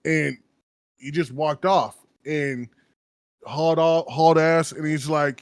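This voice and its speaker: A man's voice: on the high side, fairly even intonation, a little slow, dry recording, clean studio sound. A man in his thirties co-hosting a podcast, telling a story casually, laughing often and acting out other people's lines. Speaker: podcast co-host.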